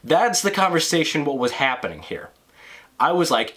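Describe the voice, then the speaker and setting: A man's voice: fairly high pitch, big pitch swings, normal speed, fairly bright tone. A man telling a personal story in a casual monologue, swearing freely and stumbling over restarts. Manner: profane, rambling with stammered restarts. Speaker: vlogger.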